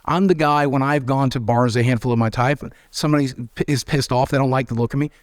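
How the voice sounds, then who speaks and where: Barely pausing, a fast-talking American man with a mid-range voice shares candid stories as an interview guest, animatedly impersonating the people he quotes. He's frank and self-deprecating, and the studio-quality recording has no echo.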